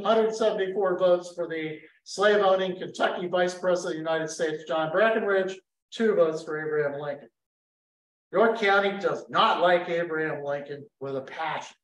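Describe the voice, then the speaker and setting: A man from giving a lively history talk to an audience, telling the story with energy and throwing questions at the room. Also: sits high. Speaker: history speaker. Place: lecture room in a history center. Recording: roomy hall, voice picked up from a distance.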